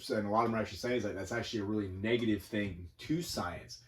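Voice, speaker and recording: A man's voice: fairly low pitch, racing. A man co-hosting a casual podcast, chiming in with short interjections and wry jokes. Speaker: podcast co-host. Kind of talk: casual chat.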